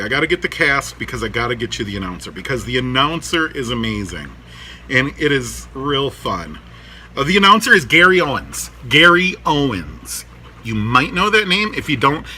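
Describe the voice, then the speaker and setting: A man's voice: medium pitch, big pitch swings, moderate pace, sharp tone, slight background noise. A man in his thirties chatting casually to camera in his workshop, rambling through a cartoon review, laughing often and talking to his dogs.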